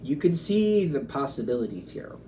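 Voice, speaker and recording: A man's voice: mid-range voice, sing-song, moderate pace, mellow, a little hiss or hum. A man giving a casual tarot reading, musing aloud and acting out quoted back-and-forths. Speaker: tarot reader.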